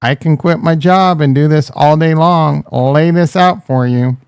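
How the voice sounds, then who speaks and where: Man, livestream host, casual rant, talks to chat, slightly high pitch, dry close sound. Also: unhurried, smooth, no echo. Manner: loose, joking, talks to the chat, calls viewers bro and dude.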